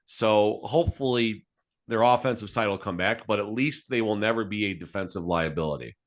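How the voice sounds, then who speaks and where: A man co-hosting a casual sports podcast with a fairly low voice. He jokes and gets animated, often repeating words and restarting as he riffs on the games. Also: a little fast. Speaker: podcast co-host.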